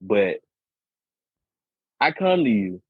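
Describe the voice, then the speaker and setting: A man's voice: lowish voice, very animated, extremely slow, slightly rough, dry recording. A man co-hosting a casual podcast, telling a profane story at length and often repeating words as he talks. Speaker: podcast co-host. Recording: dull lo-fi podcast audio.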